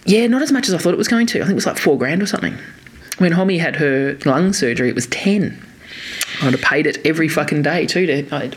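A person telling a rambling story as a podcast co-host, animated, swearing freely and laughing often. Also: medium pitch. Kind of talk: casual chat, anecdote telling.

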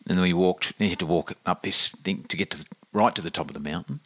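A man's voice: low voice, quick pace, fairly bright tone, slightly rough. A man with an Australian accent, casually telling rambling travel stories on a podcast and swearing freely. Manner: rambling anecdotes, acts out quotes, swears freely. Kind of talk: casual chat, storytelling.

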